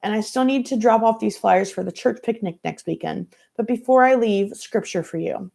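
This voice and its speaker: A woman's voice: mid-range voice, normal speed, creaky, mellow, pitched above the performer's own voice. A woman voicing a doting, evasive churchgoing mother who coaxes sweetly and quotes scripture. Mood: preachy. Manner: sweet Southern-style churchy coaxing, quoting scripture.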